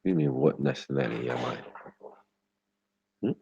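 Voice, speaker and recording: A British man hosts a casual livestream, teasing viewers with slangy, profanity-laced chat. His extremely low, dark voice is animated and moderately paced, with vocal fry and a breathy edge. The stream audio is dull and lo-fi but has no echo.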